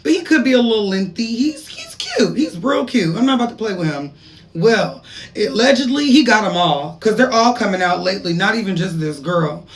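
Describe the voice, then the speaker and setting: A woman's voice: mid-range voice, very animated, fairly quick. A woman spilling gossip in a loose, talkative storytime voice, reading screenshots aloud and reacting as she goes. She sits a little back from the microphone, so her voice sounds somewhat distant. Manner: gossipy, chatty, reads text messages aloud with laughing asides. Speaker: gossip commentator. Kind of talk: casual storytime commentary.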